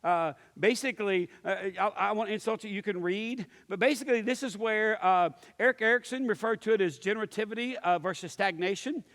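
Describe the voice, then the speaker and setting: A man's voice: sits high, a little fast, hardly any pauses, a bit bright. A male pastor teaching a church class, telling stories and acting out the voices in them, with many restarts and fillers. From Pittsburgh area. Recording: long hall reverb.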